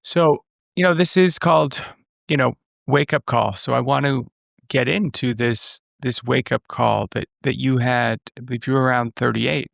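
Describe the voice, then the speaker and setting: A man's voice: mid-range voice, steady tone, moderate pace, creaky, fairly bright tone, no room sound, studio quality. A man hosting an interview, talking in a loose, chatty way with many fillers. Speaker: podcast host. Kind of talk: casual interview chat.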